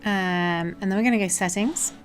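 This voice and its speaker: A woman's voice: mid-range voice, normal speed. A woman with a southern English accent chatting casually while she codes on a livestream, playful and joking. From England. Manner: playful, chatty, slips into silly voices and jokes. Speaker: software developer streaming her coding.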